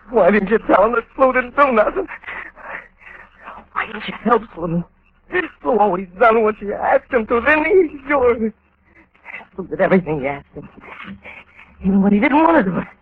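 A frightened, simple-minded fugitive who stammers and pleads as he runs. The voice sits high and pinched in classic radio-drama fashion. The old broadcast sounds muffled, with a steady hiss underneath. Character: terrified simple-minded man fleeing a manhunt. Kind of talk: 1940s radio acting.

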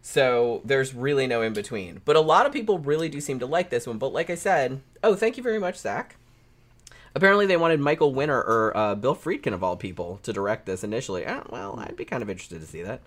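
A man's voice: mid-range voice, expressive, fast talker. A man co-hosting a podcast, chatting casually about a film, rambling and swearing often. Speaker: podcast co-host. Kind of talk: casual film review chat.

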